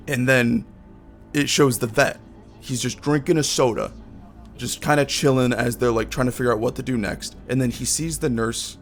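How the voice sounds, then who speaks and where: A man's voice: mid-range voice, vocal fry. Rambling, profane male streamer. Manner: rambling, profane, many restarts. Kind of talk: casual chat on a game stream.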